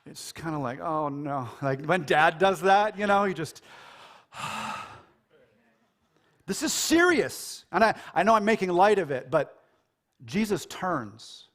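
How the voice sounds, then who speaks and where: An American man delivers a church sermon with a loose, conversational energy. He jokes with the congregation and slips into quoted characters as he tells the story. His voice sits a little higher than most men's. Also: a little slow. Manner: casual and animated, jokes and acts out quoted lines. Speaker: pastor.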